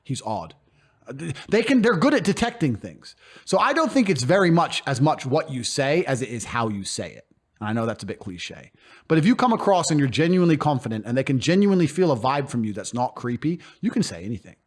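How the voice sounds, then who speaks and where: A man's voice: fairly high pitch, big pitch swings, quick pace. A man speaking bluntly and emphatically as a guest in a casual interview, swearing freely and often acting out other people's voices. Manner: acts out quoted speech in put-on voices. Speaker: podcast guest.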